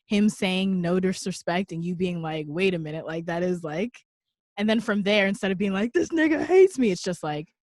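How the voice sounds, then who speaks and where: A woman with a lowish voice, recorded dry and close, co-hosting a casual podcast. She speaks in a measured, earnest way and gives gentle, thoughtful advice. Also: fairly even intonation, no echo. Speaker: podcast co-host. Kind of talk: casual chat.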